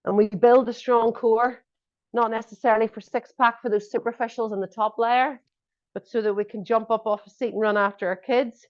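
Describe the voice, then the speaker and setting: A woman's voice: a little high, fairly even intonation, normal speed. A woman fitness instructor coaching a workout class, giving encouraging cues and joking asides. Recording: dull lo-fi audio.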